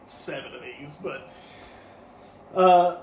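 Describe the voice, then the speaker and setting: A man's voice: a little high, slow pace, a little mellow. A man co-hosting a podcast, reading his album review notes in a casual tone with fillers and small laughs. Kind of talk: casual review chat, partly read from notes. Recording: echoey room, distant mic, faint noise.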